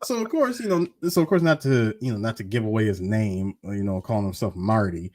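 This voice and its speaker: A man's voice: lowish voice, expressive, a little fast, a little mellow, no echo, clean studio sound. A man co-hosting a casual movie podcast, emphatic and repeating his points. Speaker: podcast co-host.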